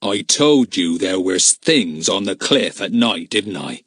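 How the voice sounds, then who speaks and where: A man's voice: sits low, lively intonation, fairly bright tone, no echo, studio quality, heavily acted. A man doing a cruel, growling brute. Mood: menacing. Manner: growling, slow menacing drawl. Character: threatening burly grown man, cruel and spiteful.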